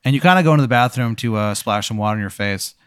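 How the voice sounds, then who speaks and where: Guy narrating an improv bit, clear smooth voice, rambling, deadpan, lots of uh's. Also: mid-range voice, very fast, no room sound, studio quality. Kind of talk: improvised comic storytelling.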